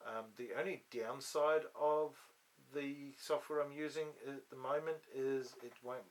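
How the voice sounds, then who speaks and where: A man's voice: medium pitch, fairly even intonation, a little slow. A man hosting a casual studio chat, rambling with many restarts and ums, on a studio microphone. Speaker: host. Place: podcast studio.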